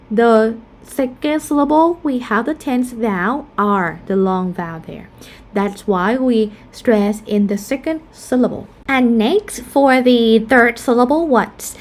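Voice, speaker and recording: A woman with a somewhat high voice leads a slow, patient pronunciation lesson. She says each example word twice with deliberate care and drifts into casual fillers as she explains. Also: lively intonation, darkish tone. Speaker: pronunciation teacher.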